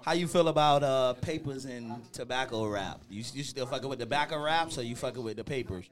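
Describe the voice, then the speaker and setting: A man's voice: mid-range voice, a little fast. A man hosting a casual chat, laid-back and slangy, laughing often. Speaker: podcast host.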